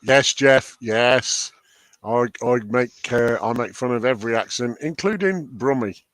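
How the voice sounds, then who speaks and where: A man's voice: medium pitch, a little slow, fairly bright tone, no room sound, studio quality. A man co-hosting a live stream, reading out viewer comments and joking around. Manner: jokey, laughs often, reads comments aloud. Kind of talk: casual live-stream banter.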